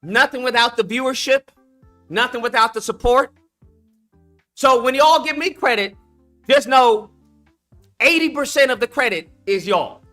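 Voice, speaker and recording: A man's voice: extremely high pitch, bright, forceful tone. A man hosting a live call-in stream, blunt and emphatic, slangy, repeating his points for effect. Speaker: livestream host. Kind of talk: casual commentary with callers.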